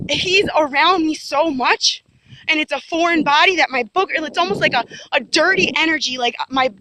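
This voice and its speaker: A woman tells her own story straight to camera in a rambling, insistent way, circling back and repeating herself. Her voice sits high and has a sharp, tense edge, with a faint hiss of noise behind it. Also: poor audio. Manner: rambling, repetitive, with many fillers and restarts; earnest and insistent. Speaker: person giving a personal testimony. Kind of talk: rambling first-person account to camera.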